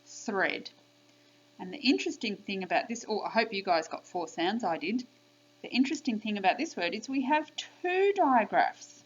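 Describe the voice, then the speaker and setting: A woman teacher giving a spelling lesson by video to young children, clearly sounding out letters and praising them. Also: mid-range voice, lively intonation, moderate pace, highs cut off. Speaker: primary school teacher.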